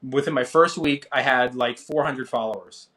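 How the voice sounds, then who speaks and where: Guest: thirties man, casual storyteller, lively when quoting others. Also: moderate pace. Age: 30s. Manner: animated, acts out quoted people with rising pitch. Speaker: interview guest, finance creator.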